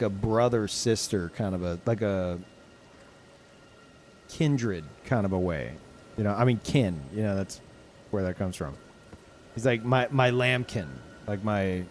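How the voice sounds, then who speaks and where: A man streaming a video game, chatting casually, rambling and searching for words with swearing and quick laughs. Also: on the low side, slight background noise. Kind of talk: casual chat while gaming.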